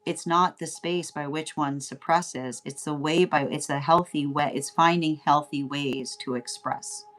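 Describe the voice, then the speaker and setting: A woman tarot reader talking through a casual reading in a fairly low voice. She rambles, circles back on her words and keeps checking in with "right?" while laughing now and then. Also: steady tone, a little slow.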